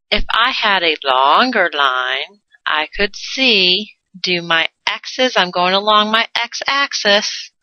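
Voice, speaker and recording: A woman's voice: mid-range voice, pushed and bright, dry recording. A woman teaching a math lesson in a playful way, adding silly sound effects and jokes. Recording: dull lo-fi dry recording.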